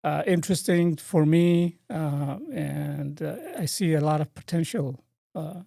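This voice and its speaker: A man answering questions as a guest on a radio interview, speaking in a halting way with frequent pauses and restarts. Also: fairly high pitch, steady tone, gravelly, dark tone, no echo, clean studio sound. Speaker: real estate broker, guest.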